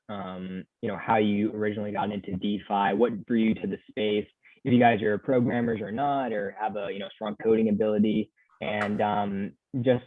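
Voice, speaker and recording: A young man hosting a club meeting, easygoing and hesitant with many fillers. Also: on the low side. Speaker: club host. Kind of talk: casual meeting host. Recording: tinny phone-like call audio.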